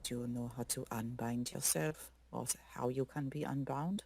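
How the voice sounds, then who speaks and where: A man's voice: medium pitch, fairly even intonation, moderate pace, creaky, a little mellow, slight background noise, lightly acted. A man voicing a stern baroness who asks pointed questions.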